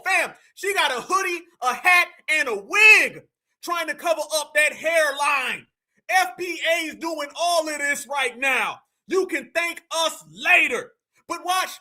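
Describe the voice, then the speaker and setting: A man hosting a live stream, reacting to clips in a loud, mocking way and often calling out to his audience. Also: very high voice. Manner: loud, mocking, keeps addressing "family".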